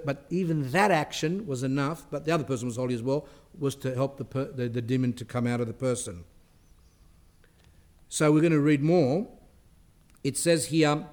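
A man's voice: medium pitch, normal speed, darkish tone. A man, a priest, reading aloud from a religious text and explaining it in a spiritual talk, stressing key points with rising emphasis.

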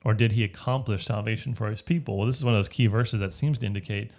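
A man's voice: fairly low pitch, steady tone, quick pace, gravelly, darkish tone. A man leading a casual Bible study, explaining a passage step by step and often checking in with "right?". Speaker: Bible teacher.

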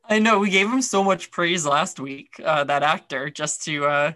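A man co-hosts a podcast in a loose, rambling chat, full of fillers and restarts. His voice sits a touch high and rings bright, and the recording is dry and close. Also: moderate pace, dry recording. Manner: chatty, rambling, many fillers. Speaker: podcast co-host. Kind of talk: casual chat.

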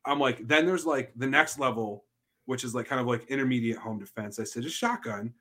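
A man with a bright, forceful voice hosts a loose podcast conversation. He tells stories with lots of energy and swears freely. His pitch sits in an ordinary middle range for a man. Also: fairly quick. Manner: profane, animated storyteller. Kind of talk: casual podcast chat.

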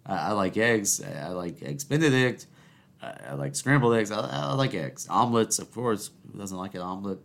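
A man hosts a solo podcast in a fairly low voice. He rambles through stories and talks back to himself in the second person. His speech is full of stammered restarts. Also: expressive, moderate pace, vocal fry. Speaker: podcast host.

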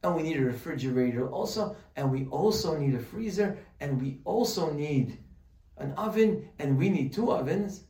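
Man, joking religious teacher, slightly high voice, roomy hall sound. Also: moderate pace. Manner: animated, joking, many rhetorical questions. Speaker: Torah teacher. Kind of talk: humorous religious lesson. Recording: roomy sound from a distant mic.

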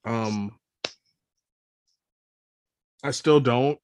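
A man co-hosting a pop-culture podcast in casual chat, talking in halting bursts with lots of restarts and swearing. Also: mid-range voice, darkish tone, no room sound. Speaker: podcast co-host.

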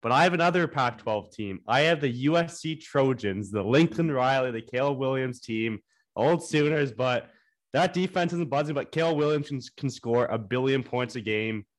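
A young man in casual podcast chat, eager and opinionated, firing off his takes in quick bursts. His pitch sits in an ordinary middle range. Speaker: podcast co-host.

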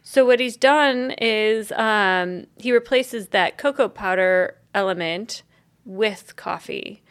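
A woman's voice: medium pitch, slow pace. A woman co-hosting a podcast, telling a story in casual chat, with lots of "like" and "um" and the odd swear. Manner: rambling storyteller, heavy on fillers and "like". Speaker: podcast co-host.

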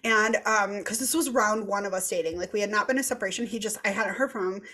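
A woman in her thirties hosting a podcast, telling a story in casual chat, animated and laughing as she goes, swearing freely. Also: medium pitch, quick pace. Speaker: podcast host.

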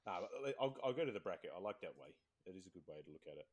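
A man hosting a casual podcast chat, playful and quick to laugh. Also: low-pitched, big pitch swings. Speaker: podcast host.

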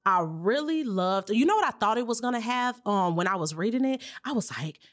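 A woman's voice: a little high, lively intonation, a little fast, no echo. Enthusiastic woman podcast host, dry sound. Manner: enthusiastic, heavy on affirmations. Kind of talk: casual podcast interview.

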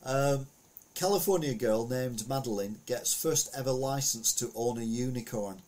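A man's voice: medium pitch, moderate pace, darkish tone. A man giving a casual, rambling commentary on the week's news, full of anecdotes and asides.

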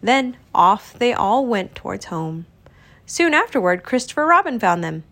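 A woman narrating a children's storybook read-aloud in an expressive, storytelling manner. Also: fairly high pitch, a little slow.

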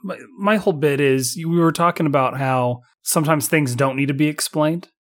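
This podcast co-host chats casually about a movie, rambling with frequent restarts and repeated words. His voice is a little high and his pace is moderate.

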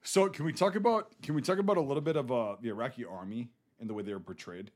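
A man's voice: medium pitch, fast talker, a little mellow. A man from the United States co-hosts a film podcast with his voice sitting in a middle register. He talks in loose, rambling explanations peppered with swearing. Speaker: podcast co-host. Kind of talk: casual chat.

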